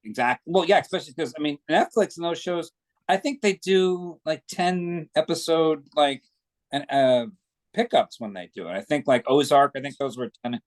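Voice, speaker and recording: A man's voice: on the high side, moderate pace. Chatty man telling anecdotes. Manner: chatty, tells long anecdotes. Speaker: guest actor. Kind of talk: casual interview chat.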